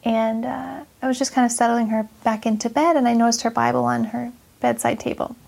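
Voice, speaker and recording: A woman's voice: a little high, level tone, brisk, vocal fry, darkish tone. A woman nurse earnestly sharing a personal faith story in a casual chat, reflective and full of fillers.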